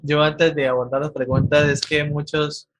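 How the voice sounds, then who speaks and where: A man hosting an interview, asking questions in a measured, hesitant way. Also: on the high side, flat delivery, fairly bright tone, a little hiss or hum. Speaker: interview host.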